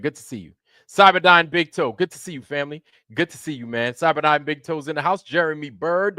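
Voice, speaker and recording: A man's voice: fairly high pitch, sharp tone, no room sound, clean studio sound. A man hosting a livestream, ranting sarcastically with heavy swearing and greeting viewers in chat by name. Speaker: livestream host.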